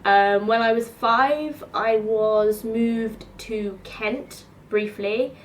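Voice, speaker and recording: A woman in her twenties from England, chatting casually to camera and acting out both sides of conversations in quick bursts. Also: fairly high pitch, a little hiss or hum. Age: 20s. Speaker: vlogger. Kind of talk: casual storytelling vlog. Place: her home.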